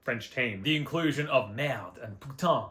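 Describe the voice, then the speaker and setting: A man's voice: mid-range voice, normal speed, a bit bright. A man talking through his thoughts on a video game, reflective and enthusiastic, with casual asides. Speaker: gaming video host. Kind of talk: casual game review monologue.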